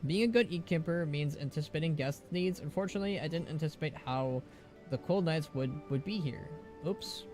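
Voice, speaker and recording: A man's voice: a little high, a little fast, a little mellow, faint music behind, pitched above the performer's own voice, natural voice. A man voicing a harried innkeeper in a game, reading quest text in a lightly dramatic way. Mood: fretful.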